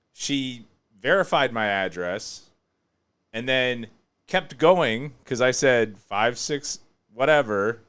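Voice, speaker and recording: A man hosting a podcast, chatting casually and joking, often breaking into loud laughter. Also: medium pitch. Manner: animated, joking, laughs loudly. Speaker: podcast host.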